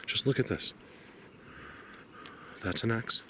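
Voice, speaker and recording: A man vlogging outdoors in a snowy forest, emotional and awed, rambling and sometimes dropping to a hushed voice. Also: slow pace, slight background noise. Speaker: vlogger exploring the woods. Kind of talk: excited outdoor vlog narration.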